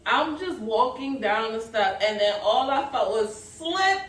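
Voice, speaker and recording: A woman's voice: fairly high pitch, measured pace. A woman, co-hosting a podcast and telling blunt, profane stories with lots of laughter. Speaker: podcast co-host. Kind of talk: casual chat. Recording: echoey room, mic at a distance.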